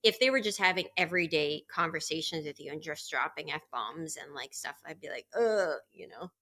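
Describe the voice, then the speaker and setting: A woman's voice: low-pitched, lively intonation, moderate pace, pushed and bright. A woman co-hosting a podcast in casual chat, a parent in her thirties who tells funny stories and acts out the quotes. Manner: laughing storyteller, voices quotes. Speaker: podcast co-host.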